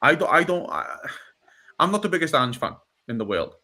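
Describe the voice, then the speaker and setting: A man talking football on a podcast, blunt and animated, swearing and often asking "do you know what I mean". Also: on the high side, moderate pace, vocal fry. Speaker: podcast co-host. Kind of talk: casual football chat.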